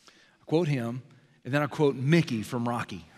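A man preaching a sermon as pastor, animated and self-deprecating, swinging from soft to loud. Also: mid-range voice, normal speed. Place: large church sanctuary. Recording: long hall reverb.

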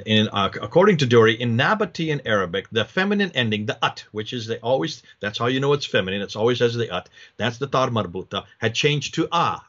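A man lectures from slides in a mid-pitched voice, explaining step by step and asking rhetorical questions. He often restarts his sentences. The recording sounds somewhat dull and lo-fi. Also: fairly bright tone.

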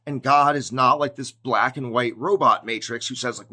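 A man giving a casual, conversational sermon to his viewers, animated and prone to acting out scenes. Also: mid-range voice, moderate pace, slightly rough. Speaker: preacher.

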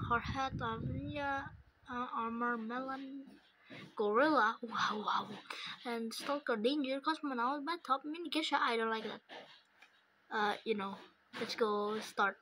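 A woman's voice: fairly high pitch, a bit bright, a little hiss or hum, poor audio. A woman giving casual game commentary in a hesitant way, with many fillers. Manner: hesitant, lots of fillers, slow.

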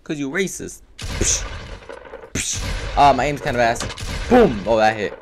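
A man giving live gameplay commentary for his video, excitable and full of profane trash talk. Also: medium pitch, a little slow, long pauses, very noisy. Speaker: gaming video creator.

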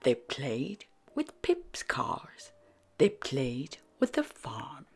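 Brief: woman reading a bedtime picture book, soft half-whisper, very slow, sing-song. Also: rumbling low, huge pitch swings, soft background music. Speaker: storyteller. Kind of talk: children's bedtime story read-aloud.

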